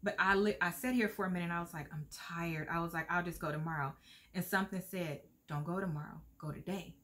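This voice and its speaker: Middle-aged woman, vlogger, earnest, heartfelt, emotional, slightly low voice. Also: fast talker. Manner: heartfelt, earnest, lively pitch swings. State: emotional, near tears at times. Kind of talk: casual talk to camera.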